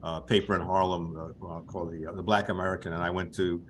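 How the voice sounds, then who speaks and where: A man's voice: sits low, little pitch movement, quick pace, slight background noise. An older man, a guest sports journalist, telling rambling anecdotes in a casual chat, chuckling now and then.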